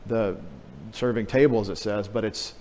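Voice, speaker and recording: Pastor preaching in a reverberant hall. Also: male voice, fairly low pitch, steady tone, measured pace, a little mellow, a little hiss or hum. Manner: conversational teaching with restarts and rhetorical questions. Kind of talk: sermon.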